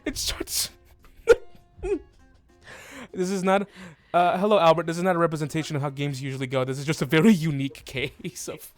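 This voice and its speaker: A man running a tabletop game as game master, narrating in a halting way and laughing often. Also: on the high side, fairly even intonation, faint music behind. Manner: giggly, halting, with frequent laughs and restarts.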